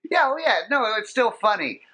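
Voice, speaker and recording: A man's voice: extremely high pitch, very animated, brisk, pushed and bright, rough recording. A man co-hosting a podcast in casual chat, cracking crude sarcastic quips. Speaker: podcast co-host.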